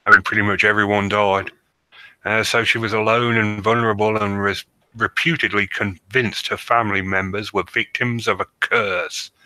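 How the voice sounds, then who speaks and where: Podcast co-host, bright cutting voice, lowish pitch, jokey reader with asides. Dry, close mic. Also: male voice, level tone, normal speed, no echo, poor audio. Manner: jokey, reads notes with asides. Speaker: podcast co-host reading research. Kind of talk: casual podcast chat.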